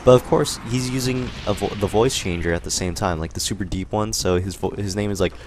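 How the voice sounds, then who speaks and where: A young man telling a rambling, animated story while commentating on a game, with lots of fillers. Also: lowish voice, brisk, music in the background. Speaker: gaming commentator. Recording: faint gunfire noise behind. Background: game gunfire.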